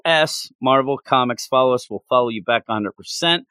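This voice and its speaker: A man's voice: mid-range voice, moderate pace, hardly any pauses, fairly bright tone, no echo, clean studio sound. A man hosting a comics podcast, reviewing issues in a loose, jokey, late-night goofy way.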